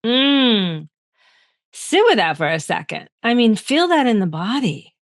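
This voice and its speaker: A woman's voice: on the high side, very animated, a little slow, no echo, studio quality. A woman hosting a podcast, reflecting back on what she hears in an affirming, thoughtful way. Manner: affirming, reflective, lots of listening sounds. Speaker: podcast host. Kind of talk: casual conversational interview.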